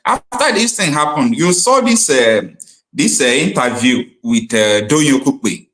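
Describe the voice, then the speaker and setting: A man's voice: mid-range voice, expressive, unhurried, a bit bright. Male livestream host in a roomy space. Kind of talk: livestream talk show. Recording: roomy sound.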